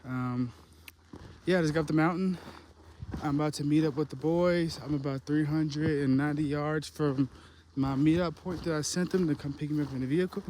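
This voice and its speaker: Young guy filming himself outdoors on a hunt, winded, loose slangy rambling, slightly high voice, faint noise. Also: fairly even intonation, moderate pace, warm tone. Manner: rambling, slangy, talks to camera while hiking. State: out of breath. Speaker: hunting vlogger. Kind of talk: casual outdoor vlog. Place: outdoors on a mountain hike.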